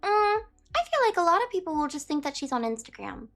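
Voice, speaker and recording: High-voiced chatty woman streamer. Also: big pitch swings, fast, fairly bright tone, faint music behind. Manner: rambling, chatty, bleeps out words aloud. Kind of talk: casual live-stream chat.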